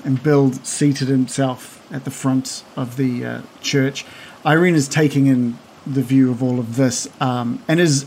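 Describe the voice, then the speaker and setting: A man narrating a tabletop game as game master, slow and halting with many pauses, over a video call. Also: medium pitch, a little mellow, slight background noise.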